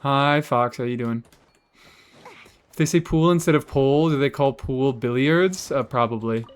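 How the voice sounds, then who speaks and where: Sarcastic young man streaming, smooth voice. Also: mid-range voice, moderate pace. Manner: sarcastic, banters with chat, swears freely. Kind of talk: casual game stream chat.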